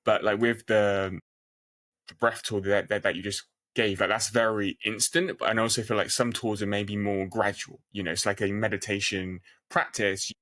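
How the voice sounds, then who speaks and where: A man hosting a podcast, asking questions while thinking out loud with many fillers. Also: lowish voice, level tone, moderate pace, no room sound. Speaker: podcast host. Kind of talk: conversational interview.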